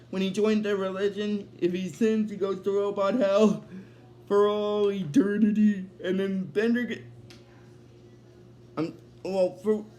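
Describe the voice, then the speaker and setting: High-voiced man recapping haltingly. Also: dark tone. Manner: halting, filler-heavy retelling. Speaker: episode recapper. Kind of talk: casual episode recap.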